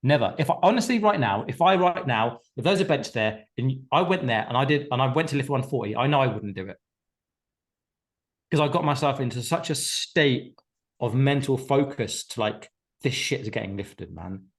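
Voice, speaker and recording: A man's voice: medium pitch, animated, normal speed. A man coaching a group on a live call. He talks emphatically, repeats himself, and swears casually as he pushes his clients.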